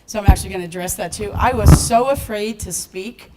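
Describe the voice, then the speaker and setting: A woman giving a lively talk at a business event, laughing often and acting out what people said to her. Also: medium pitch, a little fast, over music, low-quality recording. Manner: animated, laughs often, acts out quotes. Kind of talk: motivational stage talk with storytelling. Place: event stage before a live audience.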